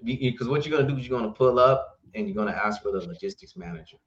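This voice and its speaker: A man's voice: mid-range voice, fast talker, creaky. A man, a trucking company owner, telling stories as a podcast guest, acting out the voices of the people in them and laughing often. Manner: animated storyteller, acts out dialogue, laughs often. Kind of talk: casual storytelling interview. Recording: roomy, slightly dull sound.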